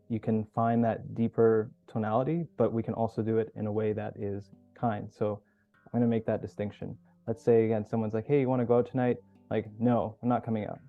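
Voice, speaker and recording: A man hosting a group video call as coach, teaching in a relaxed, casual way. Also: lowish voice, vocal fry, no room sound. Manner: relaxed, casual, swears now and then. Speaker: workshop host and coach. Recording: dull lo-fi call audio with faint music.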